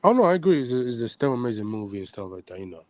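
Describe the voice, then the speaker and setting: A man's voice: mid-range voice, very animated, rapid-fire. Man, casual co-host, enthusiastic, lots of ums. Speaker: podcast co-host. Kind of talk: casual livestream chat.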